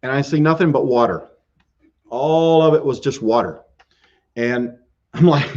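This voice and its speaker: A man's voice: mid-range voice, a little slow, long pauses, a little mellow. A man hosting a live stream, casually telling a scary story with frequent chuckles and restarts. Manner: chuckles often through a spooky tale, with restarts. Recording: dull lo-fi stream audio.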